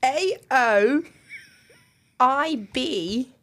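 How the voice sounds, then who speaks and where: A woman's voice: high-pitched, animated, extremely slow, fairly bright tone. A young woman co-hosting a podcast in casual chat, giggly and reading out listener messages. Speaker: podcast co-host.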